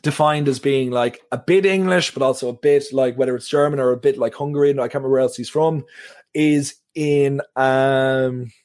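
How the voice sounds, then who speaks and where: A man's voice: mid-range voice, fairly even intonation, normal speed, darkish tone. A man hosting a film podcast, chatting casually and rambling with lots of fillers. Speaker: podcast host. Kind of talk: casual film review chat.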